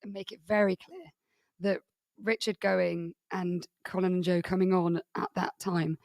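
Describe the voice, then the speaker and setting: A woman's voice: fairly low pitch, little pitch movement, measured pace, a little mellow, no echo, studio quality. Playful woman co-hosting a livestream. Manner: playful, chimes in with short agreements. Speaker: church leader and co-host. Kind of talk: live online Q&A chat.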